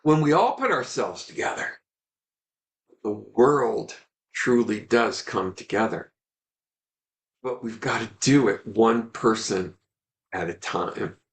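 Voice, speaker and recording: Gravelly, animated male storyteller. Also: lowish voice, slow, long pauses. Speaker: Ayurvedic teacher. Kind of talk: storytelling in a webinar talk.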